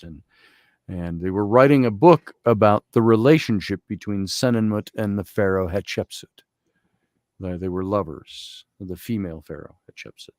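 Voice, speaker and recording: A man guest, an Egyptologist, telling a story in conversation, animated and quoting others, and slowly reading aloud from a journal. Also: on the low side, no echo, studio quality. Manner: animated storytelling with quoted voices.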